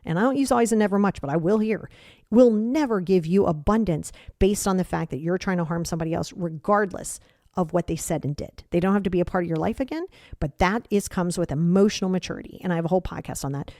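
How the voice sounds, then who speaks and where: A woman's voice: lowish voice, fast, dark tone, no echo, studio quality. Blunt middle-aged woman giving tough-love advice. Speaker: podcast host and emotional coach. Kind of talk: solo podcast monologue.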